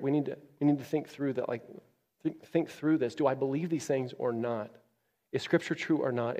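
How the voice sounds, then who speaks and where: A man preaching a sermon as a pastor, moving from loud, emphatic peaks down to quiet, low passages. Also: long reverb tail. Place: church.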